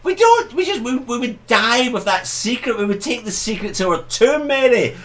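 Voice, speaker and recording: A man with a Glasgow Scottish accent, co-hosting a casual talk show and ranting with animated, mimicking storytelling. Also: very high-pitched, normal speed. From Scotland. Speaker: co-host. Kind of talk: casual chat.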